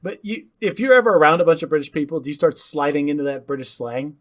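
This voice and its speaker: A man's voice: on the high side, lively intonation, quick pace. A man co-hosting a podcast in casual chat, trading snarky jokes. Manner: snarky, joking. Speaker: podcast co-host.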